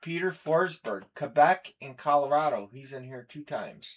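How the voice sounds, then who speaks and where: A man's voice: fairly high pitch, lively intonation, normal speed, muffled recording. A man hosting a live collectibles stream, chatting casually and running through a list of players and teams. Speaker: stream host. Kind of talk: live breaking stream chat.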